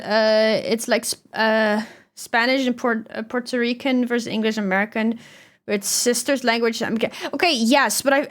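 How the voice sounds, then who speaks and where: Chatty Dutch woman streamer, higher voice. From Netherlands. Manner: chatty and loose, swears, laughs often. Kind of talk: casual livestream chat, reading chat aloud.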